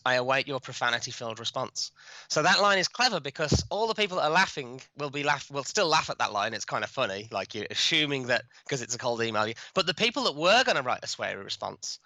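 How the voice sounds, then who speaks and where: A man being interviewed as a guest on a podcast, explaining his work in a quick, chatty way with many restarts. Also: mid-range voice, big pitch swings, bright, forceful tone, no room sound, poor audio. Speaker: guest, cold outreach expert.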